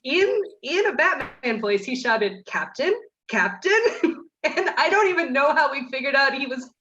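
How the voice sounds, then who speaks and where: A woman with a bright, crisp voice joins as a guest over a remote call, wry and laughing as she chimes in. The call audio is dull and lo-fi, with faint noise behind her. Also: high-pitched, expressive, moderate pace. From United States. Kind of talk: casual interview chat.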